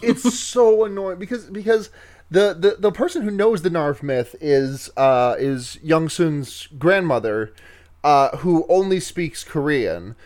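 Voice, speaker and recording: A man's voice: fairly high pitch, slow. Chatty man laughing through a film recap. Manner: laughing, animated retelling of a film. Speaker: podcast co-host. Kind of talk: casual chat.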